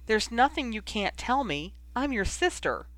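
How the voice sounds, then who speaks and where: Male reader doing a wheedling teen sister, higher and bright, dry close read. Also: very animated, measured pace, dry recording, exaggerated voice. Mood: pleading. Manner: pleading, coaxing. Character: teenage girl, pleading and affectionate younger sister.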